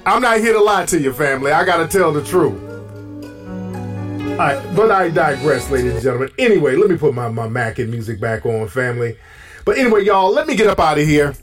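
A man's voice: a little high, sing-song, brisk, music in the background. A man hosting a call-in radio show, teasing and riffing in a brash, sing-song way. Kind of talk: casual call-in advice talk.

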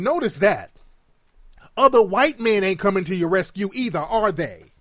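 Profane ranting man, high voice. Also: normal speed, a bit bright, dry recording, clean studio sound. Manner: profane, mocking, heated and sarcastic. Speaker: commentator reacting to clips. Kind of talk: ranting reaction commentary.

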